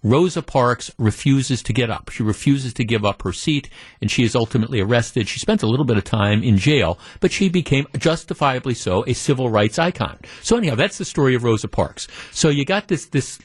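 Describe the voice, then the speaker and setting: A man's voice: medium pitch, expressive, brisk, breathy edge, dry recording, studio quality. A man hosting a talk radio show, telling a story with animation and acting out the quotes.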